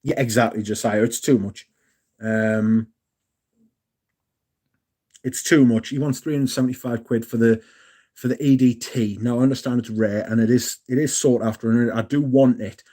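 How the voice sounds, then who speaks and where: A man's voice: mid-range voice, steady tone, normal speed, pauses often, warm tone. A young man hosting a casual live stream, chatting in a jokey way and reading out messages from the chat. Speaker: livestream host.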